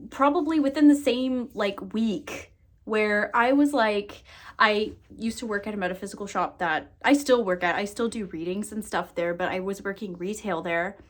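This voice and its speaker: A woman who works as a psychic and energy worker chats casually to the camera in a vlog. Her medium-pitched voice is expressive, and she laughs and swears freely.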